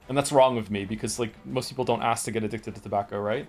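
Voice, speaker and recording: A man in his forties from Wales, streaming and chatting casually, telling stories in a rambling, profane way with many restarts. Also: medium pitch. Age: 40s. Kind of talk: casual chat.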